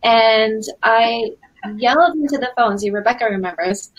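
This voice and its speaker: A Canadian woman in her forties, a dating coach hosting a live webinar in an energetic, chatty way with lots of fillers. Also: fairly high pitch, normal speed, rough recording. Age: 40s.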